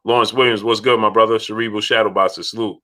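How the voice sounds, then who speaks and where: A low-voiced man runs a casual livestream chat, calling out names from the chat. His voice is bright and forceful and sits low. He repeats phrases as he goes. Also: fairly even intonation, fast talker. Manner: shouts out chat donors, repeats himself. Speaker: livestream host.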